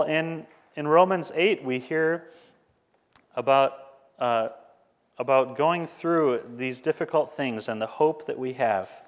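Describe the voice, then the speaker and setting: A man preaching a sermon, earnest and conversational, growing fervent as he reads scripture aloud. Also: medium pitch. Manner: earnest, rising to fervent when reading scripture. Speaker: pastor. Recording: long hall reverb.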